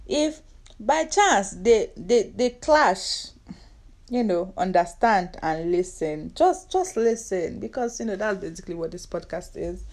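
A woman's voice: mid-range voice, animated, a little slow, a little mellow. A woman in her twenties with a Nigerian accent, hosting her own podcast in a casual, sarcastic, bantering way. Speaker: podcast host. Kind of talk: casual solo podcast chat.

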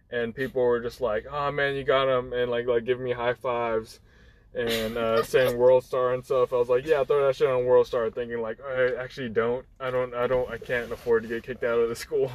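Here a young male guest storyteller with a medium-pitched voice rambles through a casual personal anecdote. Fillers and restarts abound, and he acts out people's quotes. The highs are cut off in the recording.

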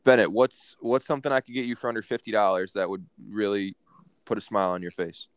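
A man's voice: on the low side, little pitch movement, fast talker, smooth, no echo. A young man co-hosting a casual podcast, joking crudely and swearing freely. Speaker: podcast co-host.

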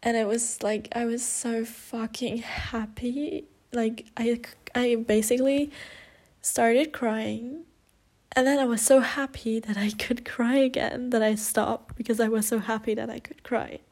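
A woman's voice: fairly high pitch, level tone, unhurried, a little mellow. A young woman hosting her own podcast, chatting casually and emotionally, rambling with many fillers and restarts. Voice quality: rambling, lots of fillers and self-corrections. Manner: emotional, confessional, laughs often. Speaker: podcast host. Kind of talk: casual solo podcast chat.

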